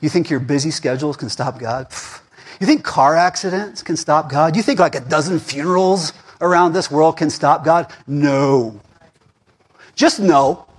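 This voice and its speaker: A middle-aged man preaching a sermon in a church, animated and swinging between near-shouts and murmurs. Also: a little high, normal speed, slightly rough. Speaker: pastor.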